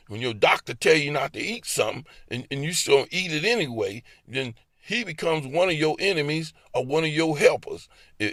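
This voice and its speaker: Sharp-toned and medium in pitch, a man with a Baltimore accent delivers a casual storytelling monologue about his own life. He acts out the voices in his head and laughs often; the studio-quality audio has no room sound.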